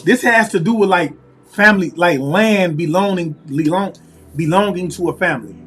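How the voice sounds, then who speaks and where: A man giving a casual tarot reading to viewers, talking in a musing, repetitive way and pausing to call on spirit. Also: high-pitched, a bit bright, husky, faint music behind. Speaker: tarot reader.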